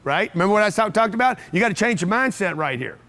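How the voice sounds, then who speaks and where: Brash seminar speaker, man, high pitch, blunt and profane, talks to a live crowd. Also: lively intonation, fast, bright, forceful tone. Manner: brash, blunt and profane, with repeated rhetorical questions. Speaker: motivational speaker. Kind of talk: live seminar talk to an audience. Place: event room with a live audience.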